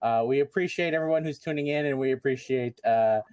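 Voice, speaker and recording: A man's voice: medium pitch, a little fast, a little mellow, smooth, dry recording. A man hosting a casual convention panel, rambling with many ums and restarts. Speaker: convention chair, panel host.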